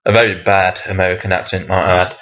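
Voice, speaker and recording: A young man talks through a casual solo monologue, hesitant and full of restarts, swearing freely when he rants. His voice sits fairly low. The recording sounds dull and lo-fi. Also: little pitch movement, fast, fairly bright tone. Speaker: podcast host.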